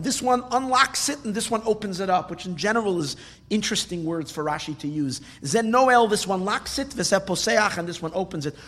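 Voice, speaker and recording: A man's voice: high-pitched, a bit bright, long reverb tail. A man teaching a Torah class, posing questions and translating phrases as he goes.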